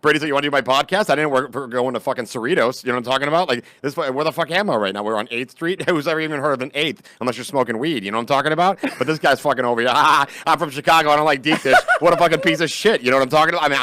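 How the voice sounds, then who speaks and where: Celebrity impression: man doing a cocky, brash tall guy, rants fast and bright. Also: mid-range voice, no room sound, lightly acted. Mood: cocky ranting. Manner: rambling, cocky rant.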